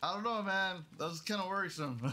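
A man's voice: high-pitched, normal speed, bright, forceful tone, a little hiss or hum. A man streaming a horror game live, reacting with nervous, profane commentary.

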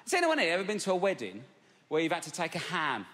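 Cheeky South East London comic. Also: male voice, a little high, wildly swooping pitch, fast, heavy background noise. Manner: brash, cheeky, punchy. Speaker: stand-up comedian. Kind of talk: stand-up routine. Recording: live club, loud crowd laughter.

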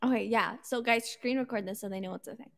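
A young Filipino woman with a fairly high voice chats on a live stream, full of giggles and little hesitations. She drifts between English and Tagalog in a loose, easygoing way. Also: fast, vocal fry, fairly bright tone. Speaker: guest. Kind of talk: casual live-stream chat.

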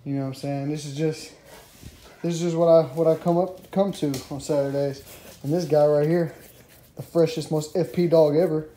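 Young man, casual vlog talk, laid-back, slightly high voice, faint background noise. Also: fairly even intonation, normal speed, mellow. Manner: laid-back, repetitive slang filler. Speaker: vlogger.

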